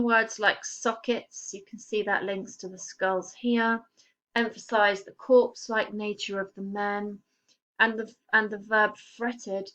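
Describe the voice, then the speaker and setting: Measured woman teaching a poem. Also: medium pitch, fairly bright tone. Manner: measured, explanatory, emphatic on key words. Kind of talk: poetry lesson, explaining text.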